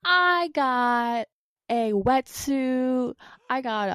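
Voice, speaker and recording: A woman co-hosting a casual podcast, chatting in a relaxed way and asking curious questions. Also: high-pitched, extremely slow, clean tone, no echo, clean studio sound. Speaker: podcast co-host.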